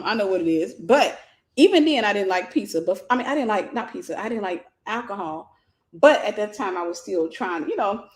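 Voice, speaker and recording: Woman, fairly high voice, storytelling host, lively, repeats herself for emphasis. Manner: animated, repeats phrases for emphasis. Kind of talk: personal storytelling monologue.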